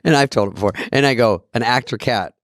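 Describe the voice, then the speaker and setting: A man's voice: mid-range voice, quick pace, fairly bright tone, no room sound, clean studio sound. A man co-hosting a podcast, teasing and sarcastic in casual chat. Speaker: podcast co-host.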